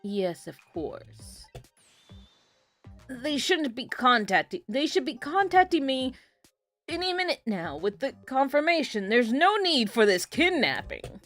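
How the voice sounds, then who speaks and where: A flustered male minister who stammers and climbs into rising panic, as a woman puts him on. The voice leaps and falls in pitch with a bright, sharp edge. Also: very animated, a little slow, soft background music, heavily acted. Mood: anxious. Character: frightened middle-aged male government minister.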